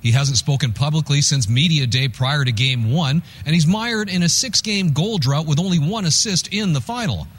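A man reads a scripted sports news report in a measured, formal style. His voice sits a little high and has a husky edge.

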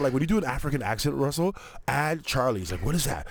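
A man's voice: medium pitch, fast, few pauses, heavy background noise. A man guesting on a podcast as a comedian, telling stories animatedly with plenty of laughter. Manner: animated storyteller, lots of laughter. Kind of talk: casual chat.

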